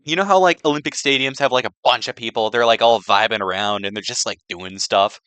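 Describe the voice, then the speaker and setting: A man's voice: mid-range voice, brisk, pushed and bright, clear, resonant tone, no echo. A young man giving a rambling, sarcastic slideshow presentation, packed with "like" and restarts. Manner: filler-heavy, sarcastic, restarts a lot.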